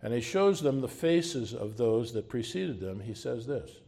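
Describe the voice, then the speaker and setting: Slow, mellow-voiced male pastor preaching. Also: mid-range voice, very animated, creaky. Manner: asks the congregation rhetorical questions; closes with a spoken prayer. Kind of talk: sermon.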